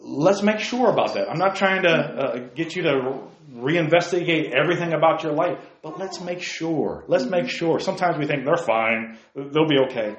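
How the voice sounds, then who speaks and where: Conversational pastor preaching in an echoey church. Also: male voice, a little high, expressive, moderate pace, few pauses, muffled recording. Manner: conversational, asks the congregation questions. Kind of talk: sermon.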